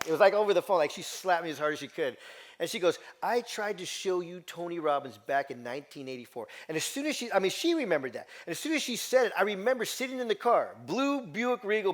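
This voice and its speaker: Fast-talking middle-aged male motivational speaker. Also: high voice. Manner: animated, repeats words and asks the audience questions. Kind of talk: storytelling talk to a live audience. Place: stage before an audience.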